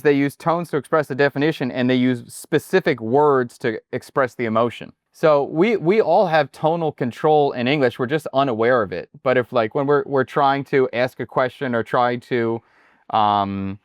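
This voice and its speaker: A man talks in a relaxed, conversational way, and his voice sits in the middle of the usual male range. The sound is dry and close, with no room echo. He explains things eagerly and often acts out examples. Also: mid-range voice, moderate pace. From United States. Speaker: chef and guest. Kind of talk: casual conversation.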